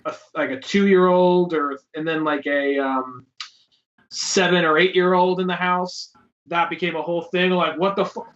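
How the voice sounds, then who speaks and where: A man in his twenties co-hosting a podcast, telling a relaxed story with casual swearing and jokes. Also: on the high side, moderate pace, dull audio. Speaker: podcast co-host. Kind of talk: casual chat.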